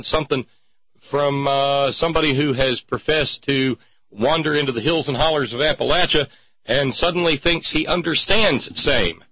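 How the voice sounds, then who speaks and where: Wry, husky-voiced male talk host. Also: mid-range voice, dry recording. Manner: wry, digressive, sarcastic. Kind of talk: casual radio-style commentary. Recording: dull lo-fi recording.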